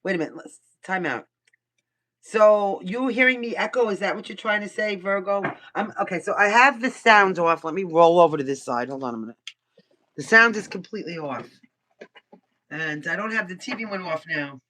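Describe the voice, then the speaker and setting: A woman's voice: medium pitch, lively intonation, normal speed, bright, forceful tone. Blunt older New woman reading tarot. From Brooklyn, New York. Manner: blunt, chatty, swears freely, thinks aloud. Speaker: tarot reader. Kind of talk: live tarot reading, casual chat. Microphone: computer mic. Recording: voice somewhat far from the mic.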